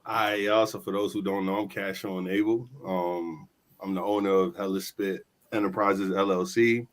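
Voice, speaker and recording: Laid-back man with a very deep voice. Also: fairly even intonation, moderate pace. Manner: laid-back, repeats himself, says "you know what I'm saying". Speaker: hip-hop artist guest. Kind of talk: interview guest introducing himself.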